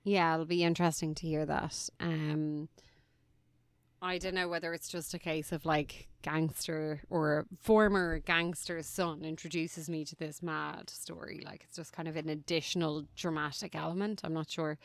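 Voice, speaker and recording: A woman co-hosting a podcast in relaxed conversation. Her voice sits fairly low with a gravelly edge, and she talks thoughtfully with drawn-out phrases. The sound is close and dry. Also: no room sound. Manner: thoughtful, drawn-out, many fillers. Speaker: podcast co-host. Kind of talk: casual chat.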